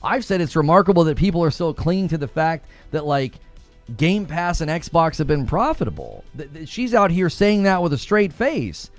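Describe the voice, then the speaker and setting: A man's voice: a little high, big pitch swings, normal speed, soft background music. A man hosting a gaming commentary livestream, ranting in an indignant, combative way. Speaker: livestream host.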